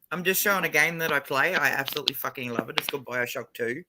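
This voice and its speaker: A woman's voice: deep voice, a little fast, background noise. A woman hosting a livestream, chatting casually with viewers in a brash, swearing manner. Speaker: livestream host.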